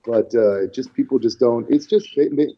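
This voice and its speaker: A man in his forties with a mid-range voice talks at a normal speed as a podcast guest, telling stories in casual chat. He's an animated storyteller who acts out quotes and restarts often, and the recording sounds dull and lo-fi.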